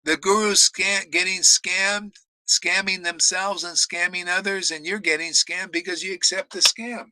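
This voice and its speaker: A man's voice: sits high, fairly even intonation, unhurried, bright, forceful tone, no echo, rough recording. A man preaching a blunt, combative sermon, swearing for emphasis and laughing between remarks. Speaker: spiritual teacher. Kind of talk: ranting sermon.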